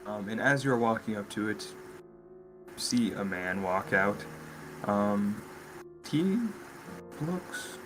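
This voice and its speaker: A man narrating as game master of a tabletop role-playing session, hesitant with many pauses. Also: fairly low pitch, lively intonation, over music, poor audio. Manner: hesitant, lots of ums.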